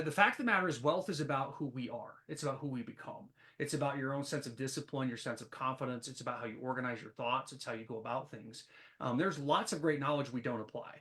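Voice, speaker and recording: A man who is a podcast guest, telling stories animatedly with plenty of ums and restarts. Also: mid-range voice. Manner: animated storyteller, many fillers. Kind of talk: casual podcast interview.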